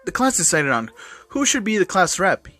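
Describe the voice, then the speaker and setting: A man's voice: high voice, big pitch swings, moderate pace, sharp tone. A man who hosts a channel, casually reading fan fiction aloud with small slips and fillers.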